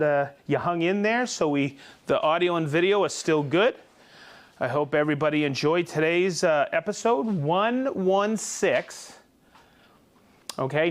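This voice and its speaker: High-voiced chatty male show host. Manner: chatty, reading out viewer names and hometowns; informal, with restarts and asides. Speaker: host of a live tool show. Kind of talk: live product demo and viewer shout-outs.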